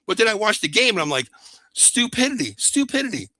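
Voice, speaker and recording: A man's voice: sits high, animated, rapid-fire, no room sound, poor audio. A man co-hosting a sports talk show, breaking down football plays in a fired-up way and often repeating his co-host's name. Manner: rants and shouts in frustration. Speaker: sports podcast co-host.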